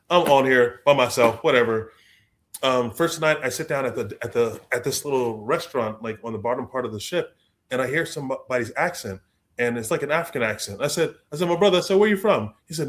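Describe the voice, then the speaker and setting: A young adult man, a guest author telling stories in a lively way, acting out the people he quotes. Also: medium pitch. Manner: expressive, acts out quoted voices, repeats words. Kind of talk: animated storytelling in conversation.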